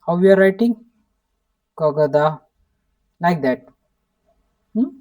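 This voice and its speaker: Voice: mid-range voice, lively intonation, slow, a little mellow, far from the mic. A language teacher from India with an Indian English accent, giving an online lesson, repeating each word again and again and prompting with a questioning "hmm?".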